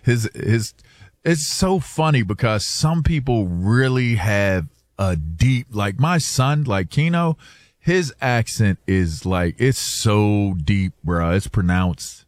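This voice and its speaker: Loose slangy radio guy, slow talker, pitch all over, dry close mic. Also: expressive, no room sound. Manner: loose, slangy, laughs often. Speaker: sports radio co-host. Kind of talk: casual sports radio chat. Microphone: studio microphone.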